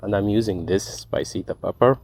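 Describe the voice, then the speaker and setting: A man's voice: fairly low pitch, a little fast, vocal fry, darkish tone, no room sound. A man hosting a casual cooking vlog in his backyard by a wood fire, chatty and exclaiming at the spicy food. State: teary, runny nose from smoke and spice. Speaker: cooking vlogger.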